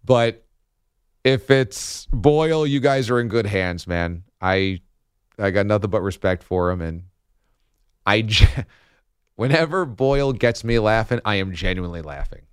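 A man's voice: lowish voice, lively intonation, unhurried, clear, resonant tone, dry recording. A man hosting a sports talk radio show, chatty and laughing often, on a studio microphone.

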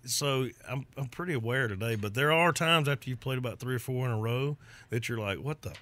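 A man's voice: medium pitch, fairly quick, fairly bright tone. A man guesting as a musician on a casual radio show in a studio. He talks in a laid-back, easygoing way. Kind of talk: casual radio interview chat.

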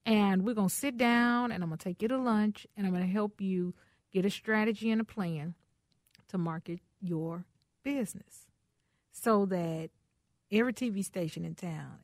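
A woman's voice: medium pitch, moderate pace, no echo, clean studio sound. A woman hosting a radio talk show, exuberant and teasing, often laughing as she talks. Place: radio studio.

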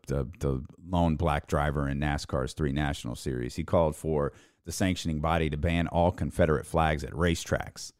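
Deep-voiced man with an opinionated sports monologue. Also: darkish tone, dry recording, clean studio sound. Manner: casual, opinionated, wry and exasperated. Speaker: sports talk podcast host. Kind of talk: solo sports commentary.

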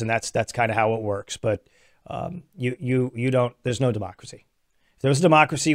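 A man hosting a political commentary show, delivering a sarcastic, mocking opinion monologue. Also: on the high side.

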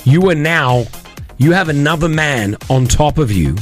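A man co-hosting a radio show, telling a story in a jokey, emphatic, animated way. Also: fairly high pitch, unhurried, faint music behind. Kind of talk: casual radio banter.

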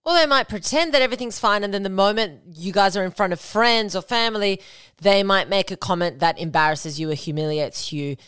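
A woman's voice: medium pitch, brisk, fairly bright tone, smooth, no echo, studio quality. A young woman hosting a solo podcast, talking casually and bluntly, swearing freely. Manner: candid and blunt, swears freely, acts out quoted lines. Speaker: podcast host.

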